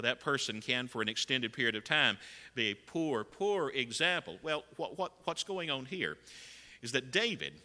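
Bright-voiced preacher in a reverberant hall. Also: male voice, medium pitch. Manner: emphatic, rising to loud acted quotes. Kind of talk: sermon.

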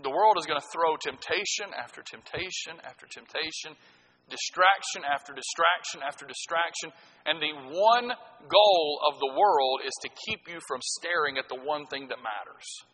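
A middle-aged man preaching a sermon, swinging from loud, punchy lines to hushed ones. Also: fairly high pitch, animated, moderate pace, breathy edge, in a large hall, rough recording. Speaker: pastor.

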